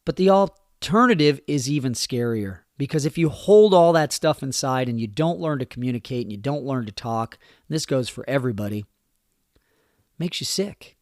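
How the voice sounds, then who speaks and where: A man's voice: mid-range voice, animated, normal speed, no room sound, studio quality. A middle-aged man hosting his own podcast, talking earnestly and from the heart about growth and communication, leaning on key phrases. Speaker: podcast host and youth coach. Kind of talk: personal motivational podcast monologue.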